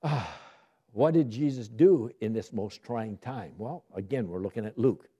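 A man's voice: on the low side, measured pace, husky, lo-fi sound. A man teaching a Bible study in sermon style, asking his listeners questions and answering them himself, lifting his voice on key words. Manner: lively, rising emphasis on key words.

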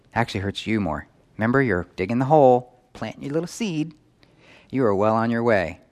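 A man's voice: mid-range voice, lively intonation, fairly quick. Man preaching with questions. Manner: asks the audience questions. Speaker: pastor. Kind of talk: sermon. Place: church in New York.

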